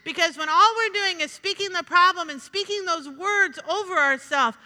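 A woman pastor delivers a sermon with a very high, bright, ringing voice. She preaches in a lively, chatty way and keeps turning aside to talk with her congregation. The sound carries a long reverb from the church sanctuary. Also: unhurried.

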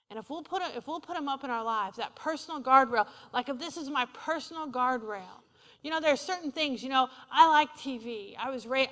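A woman with a high, bright, forceful voice preaches in a church sanctuary, mixing humor into a conversational sermon and inviting the congregation to respond. The sound carries the reverb of a large hall.

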